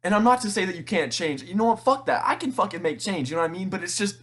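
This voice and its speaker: A teenage man in an emotional monologue to camera, tearful and halting, rambling with frequent restarts and swearing. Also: sits high, lively intonation, fairly bright tone. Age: teens. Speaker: vlogger.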